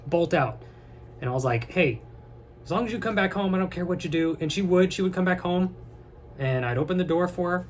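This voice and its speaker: A young man talking straight to his viewers in a loose, rambling way, his voice sitting a little high. He jokes, trails off and restarts, and there's a faint hiss under the recording. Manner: rambling, joking, then tearful and halting. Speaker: vlogger. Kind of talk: casual rambling to camera.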